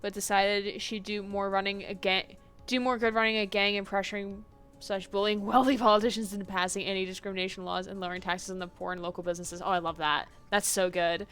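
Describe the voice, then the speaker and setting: A woman's voice: mid-range voice, flat delivery, fast talker, fairly bright tone, smooth. A woman streaming a game, chatting casually, laughing and reading game text aloud. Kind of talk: casual let's-play chat. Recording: live stream with game music under.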